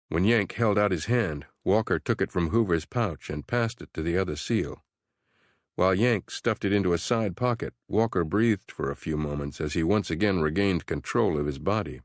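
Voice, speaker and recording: A man narrating a horror audiobook in a measured, steady storytelling voice. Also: low-pitched, no echo, studio quality.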